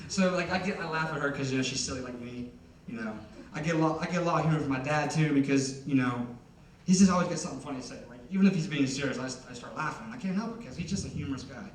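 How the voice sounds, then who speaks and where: A young man in his twenties tells rambling stand-up stories. His voice sits a little high, and he fills the gaps with chatty "like"s. He is heard from a distance in a roomy concert hall with faint noise. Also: sing-song, fast talker. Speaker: stand-up comedian. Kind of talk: stand-up comedy.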